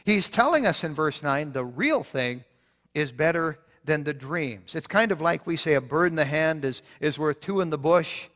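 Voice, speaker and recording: Pastor guy preaching, earnest, repeats himself, kinda high voice, big echoey church. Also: animated, normal speed, fairly bright tone. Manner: earnest preaching with repeated emphasis and frequent restarts. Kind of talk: sermon. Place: church sanctuary. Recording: long church reverb.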